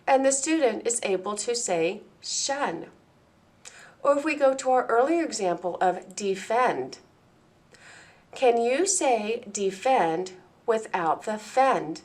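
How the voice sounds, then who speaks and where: A woman presenting a training lesson for teachers, speaking clearly and deliberately and slowing down to model words and sounds. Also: a little high, animated. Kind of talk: instructional presentation.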